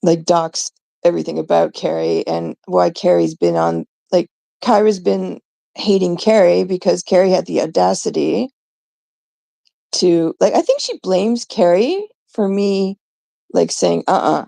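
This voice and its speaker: A woman's voice: fairly low pitch, a little slow, gravelly, mellow. A woman host ranting indignantly in a rambling, profane monologue about online drama. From Canada. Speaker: livestream host.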